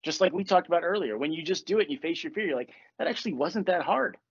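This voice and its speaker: A man's voice: fairly high pitch, fast, breathy edge, lo-fi sound. A man hosting a podcast, telling stories in casual chat, laughing often and acting out the voices of the people in his stories. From Virginia. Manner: animated, laughing, acts out quoted voices. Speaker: podcast host. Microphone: earphones on a call.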